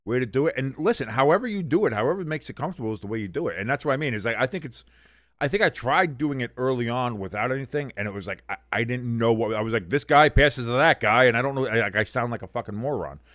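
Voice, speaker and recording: A man's voice: mid-range voice, lively intonation, fast, a bit bright, dry recording. A man hosting a live watch-along stream, mixing loose, profane chatter with casual play-by-play. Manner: rambling, profane, conversational. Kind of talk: casual live game commentary.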